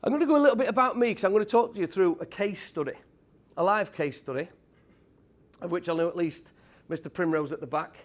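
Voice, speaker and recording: Upbeat high-pitched British male speaker, blunt tradesman manner, working a live room. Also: quick pace. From United Kingdom. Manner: energetic, quizzes the crowd, blunt tradesman talk. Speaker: speaker at a property event. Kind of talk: motivational talk to a live audience.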